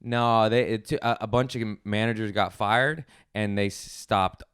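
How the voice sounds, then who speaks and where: Thirties guy, podcast guest, smooth voice, quick profane quips. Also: lowish voice, steady tone, a bit bright, no echo, clean studio sound. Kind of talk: casual chat.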